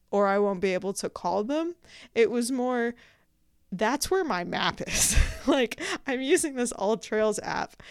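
A woman's voice: mid-range voice, clean tone, no echo, studio quality. Chatty, laughing woman telling a story. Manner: chatty and self-mocking, laughs often, acts out her own thoughts. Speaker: podcast host. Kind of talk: casual storytelling monologue.

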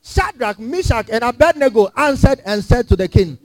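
A man's voice: very high voice, animated, normal speed, dry recording, rough recording. A man preaching a sermon in an impassioned, scolding and emphatic way.

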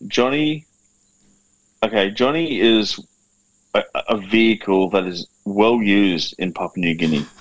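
A man's voice: on the low side, unhurried, no echo, low-quality recording. A man co-hosting a podcast, teasing his friends in casual banter and swearing freely. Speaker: podcast co-host.

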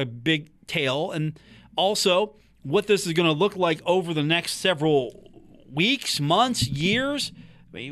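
A man's voice: high voice, fairly bright tone. A man hosting a sports podcast from a talk booth, chatting casually and animatedly about a college football coach and teasing his co-host.

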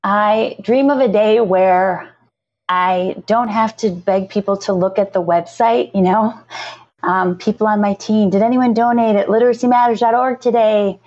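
A middle-aged woman talks with deep earnestness, often halting and restarting as emotion rises. Her voice sits in an ordinary middle register. The recording is a little dull and lo-fi. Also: steady tone, darkish tone. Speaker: literacy nonprofit founder, guest. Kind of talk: emotional podcast interview. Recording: slightly dull lo-fi audio.

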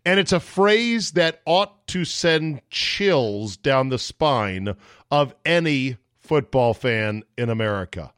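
A man's voice: mid-range voice, expressive, slow, fairly bright tone, clean tone, no room sound. A man talks sports on his own podcast, close to the mic in a dead, dry room. He rants with wry exasperation and puts on mocking voices to quote other people. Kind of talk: solo sports talk monologue.

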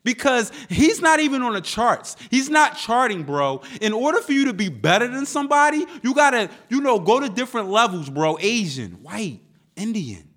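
A man's voice: extremely high pitch, big pitch swings, normal speed, a bit bright. A man hosting a hip-hop podcast, ranting in a heated, profane, emphatic way. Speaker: podcast host. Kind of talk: casual ranting podcast talk.

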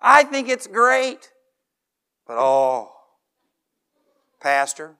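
A pastor in his forties preaching a sermon, joking one moment and then slowing down and dropping his voice to a hush for emphasis. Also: fairly high pitch, very animated.

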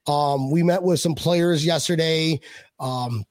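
Brief: male host, high voice, dry close sound, rambling jokey delivery with lots of restarts. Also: slow pace, no room sound. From Buffalo, USA. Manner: rambling, repeats words, joking. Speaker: podcast host. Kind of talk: casual chat.

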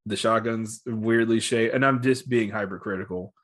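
A man co-hosting a casual comic review podcast, lively and profane, often acting out characters. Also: fairly low pitch, moderate pace. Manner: lively, acts out characters in quoted lines; profane, laughs easily. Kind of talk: casual chat.

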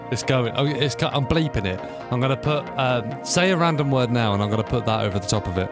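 A man's voice: medium pitch, brisk, gravelly, music in the background. A man co-hosting a podcast, joking and swearing freely in casual banter. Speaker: podcast co-host.

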